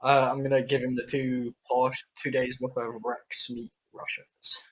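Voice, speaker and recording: A man's voice: mid-range voice, level tone, moderate pace, slightly rough. A man playing a tabletop game, joking and swearing casually. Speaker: player. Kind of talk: casual tabletop role-play.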